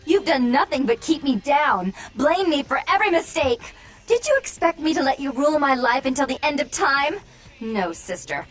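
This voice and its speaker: A woman voicing an unstable young vampire woman in a video game, with a theatrical, teasing and menacing delivery. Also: sits high.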